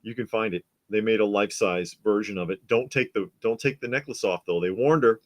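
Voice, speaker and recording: A man's voice: fairly low pitch, fairly quick. A middle-aged man co-hosting a casual live stream, chatting and telling stories animatedly, acting out quotes as he goes. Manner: animated storyteller, acts out quotes. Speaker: co-host.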